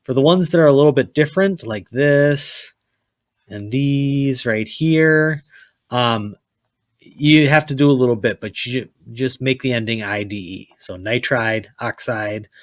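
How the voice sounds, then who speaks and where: A man's voice: mid-range voice, unhurried, dry recording, clean studio sound. A man teaching a chemistry lesson, blunt and repetitive, often checking with "okay?" and telling students to write things down. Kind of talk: classroom lecture.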